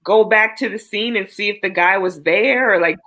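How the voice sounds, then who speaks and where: A woman's voice: mid-range voice, moderate pace, pushed and bright, low-quality recording. A woman host responding with sympathy and asking follow-up questions in a casual chat.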